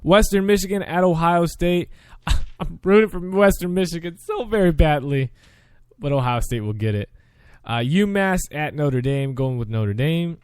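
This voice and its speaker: Chatty young man with a smooth voice. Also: on the high side, expressive, normal speed, darkish tone, dry recording. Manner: chatty, self-correcting, frequent restarts. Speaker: sports show host. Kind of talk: casual sports picks commentary.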